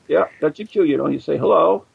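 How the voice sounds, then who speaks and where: A man's voice: on the high side, quick pace, gravelly, husky, dull audio. An American man hosting a radio show, joking and rambling with plenty of fillers and restarts. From United States. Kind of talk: casual radio show chat.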